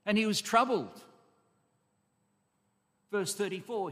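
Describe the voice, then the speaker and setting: Preacher guy, fairly high voice, really emphatic, lots of rhetorical questions, long echo in a church. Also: animated, unhurried. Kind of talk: expository sermon. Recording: long echo of a large hall.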